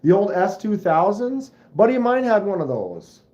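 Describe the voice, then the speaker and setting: A man's voice: high-pitched, normal speed. Guy rambling on his live stream, does engine noises, roomy room, kinda dull sound. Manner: rambling, animated storyteller who mimics engine sounds. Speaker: livestream host. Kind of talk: casual livestream chat. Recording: roomy, slightly dull home stream audio.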